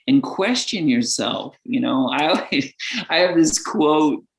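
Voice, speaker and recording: A man's voice: a little high, lively intonation, slow, creaky. Earnest rambling middle-aged man. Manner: rambling, earnest, lots of fillers; laughs often while talking. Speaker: guest. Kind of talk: casual podcast conversation.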